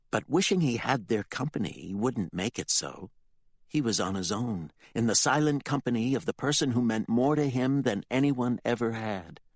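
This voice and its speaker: Man, audiobook narrator, very low voice, lively expressive delivery, dry close sound. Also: no echo. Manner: expressive, dramatic storytelling. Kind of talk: scripted fantasy audiobook narration.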